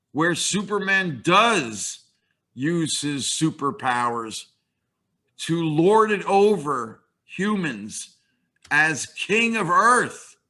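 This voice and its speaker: An older man in his sixties giving a relaxed, conversational webinar lecture, with a wry aside now and then. He speaks slowly, with a bright, forceful voice pitched a little high.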